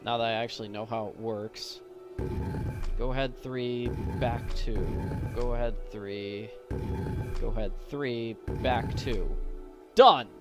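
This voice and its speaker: A man giving live, joking commentary as he plays a puzzle game, thinking aloud and getting excited. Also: mid-range voice, slow. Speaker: gameplay commentator. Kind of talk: live let's-play commentary. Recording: commentary over game music.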